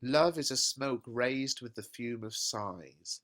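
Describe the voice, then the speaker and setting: A male teacher reading out a lovesick, melodramatic young man in slow, dramatic verse recitation. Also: medium pitch, a bit bright. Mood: overwrought.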